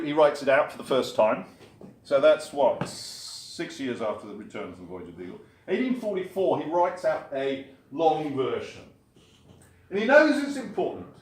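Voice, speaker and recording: A man giving a public lecture on the history of science, a lively storyteller who drops wry asides. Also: fairly high pitch. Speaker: guest lecturer. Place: lecture hall. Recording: echoey hall from far off, faint ambience.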